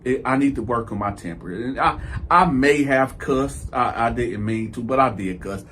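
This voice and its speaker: A man telling a story for his video channel, animated and profane, stammering through repeats and acting out what others said. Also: mid-range voice, moderate pace, slight background noise. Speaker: YouTube storyteller.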